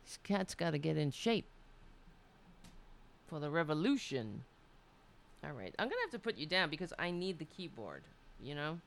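Chatty livestream host woman, gravelly. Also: deep voice, a little hiss or hum. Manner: candid, chatty, laughs easily, swears casually. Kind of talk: casual livestream talk. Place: home room.

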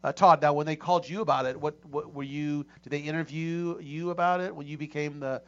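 Middle-aged man rambling, slightly high voice. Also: fairly even intonation, brisk. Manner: rambling, many restarts and fillers. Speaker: talk show host. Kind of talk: casual chat. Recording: dull lo-fi audio.

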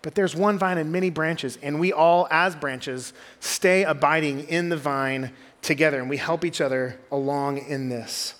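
Groups pastor, young man, talky sermon storyteller with a fairly high voice. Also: steady tone, normal speed. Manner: conversational storytelling, drops to quiet intensity.

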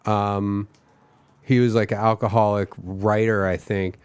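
A man's voice: lowish voice, flat delivery, unhurried, smooth, no room sound. A man hosting a comedy podcast, joking around and riffing on puns in casual chat.

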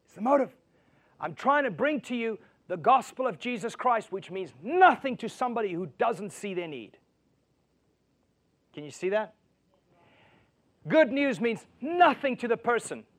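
A man preaching a sermon, swinging from loud emphatic lines to hushed storytelling and asking his listeners rhetorical questions. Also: high voice, big pitch swings, measured pace, long pauses. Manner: asks the audience rhetorical questions. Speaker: pastor.

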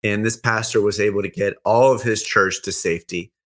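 A man hosting a casual chat, upbeat and chatty, quick to laugh. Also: fairly low pitch, fairly even intonation, fairly bright tone, slight background noise. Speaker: host.

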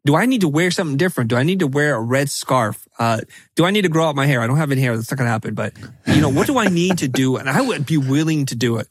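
A middle-aged man talking as a podcast guest in an animated, emphatic way, often breaking into quick quoted asides. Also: mid-range voice, breathy edge, no room sound. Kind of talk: animated conversational podcast talk.

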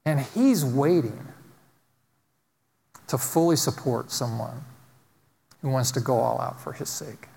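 A man's voice: medium pitch, slow, creaky, pauses often, dark tone. A man preaching a sermon as pastor, emphatic and repetitive, driving points home with repeated phrases. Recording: long reverb of a large hall.

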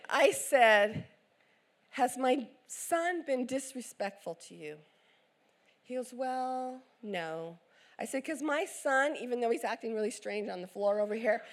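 A woman's voice: fairly high pitch, a bit bright. A middle-aged woman preacher, telling a story in a sermon and acting out the voices of the people in it.

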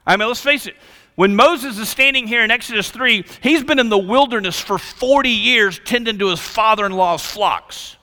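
A male pastor preaching a sermon, swinging between loud emphasis and hushed lines. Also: sits high, moderate pace. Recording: long reverb of a large hall.

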